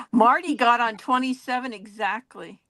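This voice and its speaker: An older woman, a grandmother in an art group chat, telling stories in a lively way and acting out quotes. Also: a little high, unhurried, no room sound. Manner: lively storyteller, acts out quotes. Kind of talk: casual chat.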